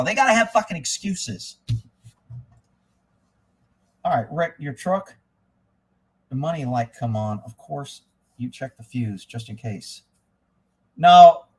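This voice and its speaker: Casting: middle-aged man, high-pitched voice, loud, blunt type A ranter, swears constantly. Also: breathy edge. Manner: loud, profane, type A storyteller. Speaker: host of a live stream. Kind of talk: casual ranting monologue.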